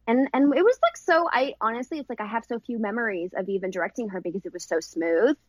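A woman filmmaker and actress speaking in a casual interview, rambling and warm with many restarts. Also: on the high side, quick pace, dry recording, rough recording. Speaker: film director and actress.

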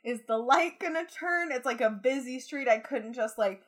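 A woman's voice: high-pitched, moderate pace. A young woman co-hosting a podcast, telling stories in a giggly, self-deprecating way with lots of fillers. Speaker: podcast co-host. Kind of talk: casual chat.

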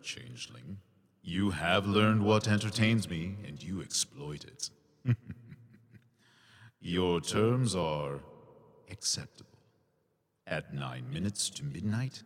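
A smug, gravelly fae king. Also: lively intonation, slow, in a large hall, heavily acted. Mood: scheming. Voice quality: deep, gravelly. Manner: mocking, relishes others' anger, laughs often. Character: amused, smug ruler of the fae, man. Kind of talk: audio drama acting.

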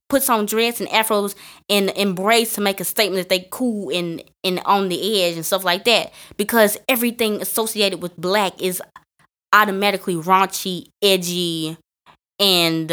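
A young woman co-hosting a podcast in casual chat, emphatic and animated, her voice climbing into exclamations. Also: medium pitch. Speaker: podcast co-host.

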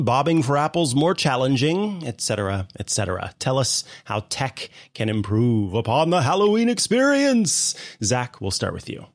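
A man hosts a casual tech podcast at an unhurried pace, with a voice that swoops up and down. He keeps it playful and laughs easily, and the sound is dry and close, with no room around it. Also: medium pitch, dry recording. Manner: playful, laughs often, slow and lively delivery. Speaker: podcast host.

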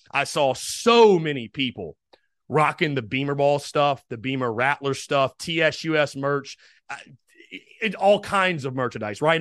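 A man's voice: mid-range voice, a bit bright, no room sound, studio quality. A man hosting a sports podcast, talking casually and earnestly, rambling with restarts. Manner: rambling, with many restarts and fillers; heartfelt, thanking listeners. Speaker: podcast host.

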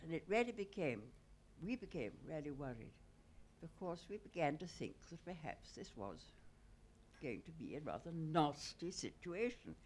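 Wry woman telling an anecdote. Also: lowish voice. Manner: wry, understated, self-mocking. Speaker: storyteller guest. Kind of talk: spoken anecdote at a live salon.

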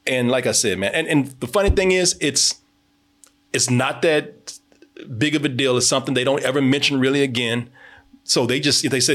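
A man hosting a casual movie commentary podcast, animated, joking and profane. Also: mid-range voice, normal speed. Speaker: podcast host.

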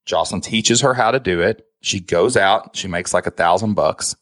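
A man's voice: deep voice, a bit bright, no room sound. A man, a podcast guest telling his story with candid, emotional earnestness and a frequent "man". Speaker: guest, online business founder.

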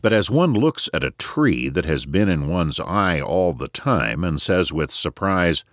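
Deep-voiced male audiobook narrator. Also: no echo, studio quality. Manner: expressive, measured storytelling.

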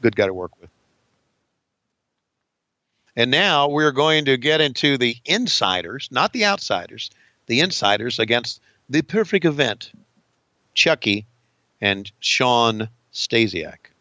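A man's voice: medium pitch, big pitch swings, slow, pauses often, bright, forceful tone, no echo, dull audio. A man cohosting a podcast, chatting casually, swearing a lot and laughing easily. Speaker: podcast co-host. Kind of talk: casual profane chat.

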